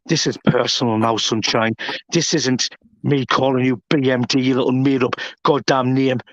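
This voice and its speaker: Man as wrestling promoter, taunting promo, dry and dull lo-fi sound, even middle pitch. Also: normal speed, no room sound. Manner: threatening, taunting, rising to shouts.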